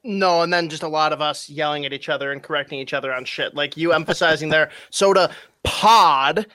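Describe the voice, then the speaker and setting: Guy with a bright sharp voice, teasing his buddy, lots of laughs. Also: on the high side, fairly even intonation, fast talker, clear, resonant tone, no echo. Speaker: podcast co-host guest. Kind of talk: casual podcast chat.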